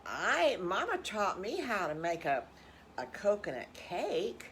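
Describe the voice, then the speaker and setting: A woman's voice: medium pitch, huge pitch swings, takes it slowly, a bit bright, slight background noise, heavily acted. An older woman voicing an earnest little boy piglet in a storybook. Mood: eager.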